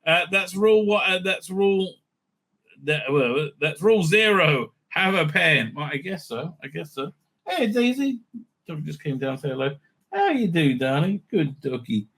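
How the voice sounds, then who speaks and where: A man with a high-pitched voice reads aloud and stops often to mock what he reads. His tone is bright and forward, and he is sarcastic and full of fillers. It sounds like a casual home vlog. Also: sing-song, moderate pace. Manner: sarcastic, scornful asides, many fillers. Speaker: vlogger commenting on TV news. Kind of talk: casual reading and mocking commentary. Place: home with a dog nearby.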